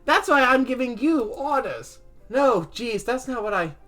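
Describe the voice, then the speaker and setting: A man's voice: extremely high pitch, animated, unhurried, pushed and bright, faint music behind, pitched above the performer's own voice, full character voice. A man voicing a haughty, rich young male pigeon who snaps orders in a bossy manner. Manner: bossy and snippy.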